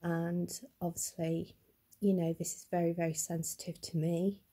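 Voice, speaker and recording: A middle-aged woman speaks to camera in a personal vlog, upset and halting, with a slight stammer. Her voice is husky and mellow, a little low for a woman. She talks slowly and earnestly. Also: level tone. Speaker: vlogger.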